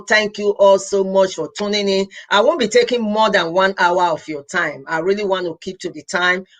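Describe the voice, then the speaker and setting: A young adult woman from Edo State, Nigeria, speaks with a Nigerian accent in a mid-range voice. A healthcare professional hosting a casual live stream, she talks earnestly and pleads, repeating herself and slipping into Pidgin.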